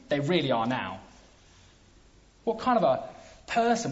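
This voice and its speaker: A man preaching a sermon, emphatic, with dramatic pauses. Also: mid-range voice. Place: church hall. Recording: dull lo-fi sound.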